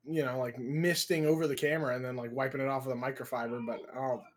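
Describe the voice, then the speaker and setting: A man's voice: medium pitch, little pitch movement, quick pace. A young man co-hosting a podcast over a video call, telling a rambling, profane story packed with filler words. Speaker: podcast co-host. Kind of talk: casual chat.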